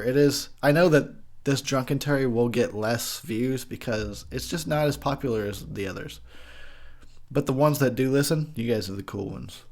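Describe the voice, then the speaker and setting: Tipsy, ranting man with a lively pitch. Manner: profane, ranting, laughs a lot. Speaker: host. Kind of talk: drunk movie commentary.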